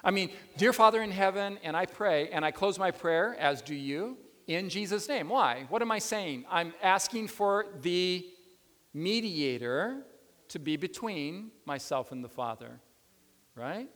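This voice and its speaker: Male preacher, sermon, expressive high voice, echoing church hall. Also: a little slow. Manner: animated, questioning the audience. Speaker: pastor. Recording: long reverb of a hall.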